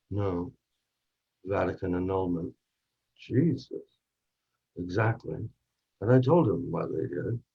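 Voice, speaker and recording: A man in a workshop reading, playing a narrator who recalls a charged night with a film actor, telling it intimately and dropping to a hush at tense moments. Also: low-pitched, vocal fry, breathy edge, heavily acted. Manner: intimate, drops to hushed tones for tense moments. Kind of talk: dramatic monologue reading. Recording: dull lo-fi recording.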